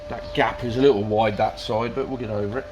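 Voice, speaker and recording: A man's voice: lowish voice, fairly even intonation, fast talker. Chatty man in a noisy garage. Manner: chatty, mutters to his work, says mate and bugger. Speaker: garage vlogger welding a pickup. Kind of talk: casual workshop chat to camera.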